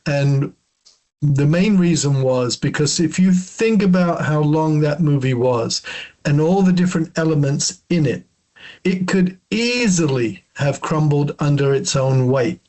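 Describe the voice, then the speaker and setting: A man who is a guest on a podcast, talking thoughtfully and with strong opinions, often pausing with fillers. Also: fairly high pitch, mellow. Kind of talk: casual chat.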